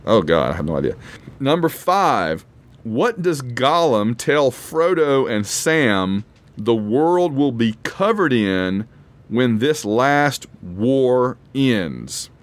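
A man's voice: mid-range voice, big pitch swings, slow. A man hosting a casual trivia quiz, rambling and self-deprecating as he reads questions and reacts. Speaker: quiz host.

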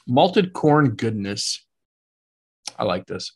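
Casual male co-host, relaxed and profane, filler-heavy chatter about sports and drinks. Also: medium pitch, slow, creaky, husky. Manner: laid-back, profane, uses lots of fillers like "like" and "man". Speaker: podcast co-host. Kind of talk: casual chat about sports and whiskey tasting.

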